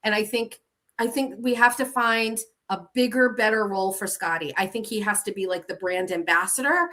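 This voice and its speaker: A woman hosting a casual group chat on a call, chatty and animated in her storytelling. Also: medium pitch, normal speed. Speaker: host.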